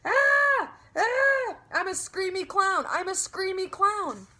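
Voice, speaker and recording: A woman's voice: high-pitched, lively intonation, normal speed, a bit bright, voice pushed up. Little girl, first grader, bouncy and shrieky, woman doing the voice. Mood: screaming.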